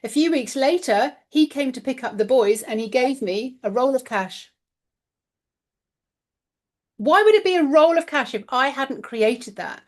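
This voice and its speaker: A woman speaks in a somewhat high voice, recounting a personal story straight to her viewers. Her delivery is chatty and candid, and she swears now and then as she goes. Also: lively intonation, measured pace. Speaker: spiritual channel host.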